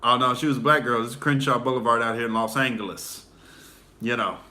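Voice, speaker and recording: A man in his late twenties or thirties, a comedian hosting a livestream, telling crude, animated stand-up stories. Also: mid-range voice, fast. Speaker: comedian, show host. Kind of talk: loose stand-up storytelling on a livestream.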